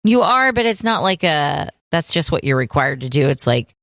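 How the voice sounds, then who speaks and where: A woman's voice: deep voice, big pitch swings, normal speed, fairly bright tone, dry recording. Playful woman co-host, dry mic. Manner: playful, teasing, laughs often. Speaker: podcast co-host. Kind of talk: casual chat.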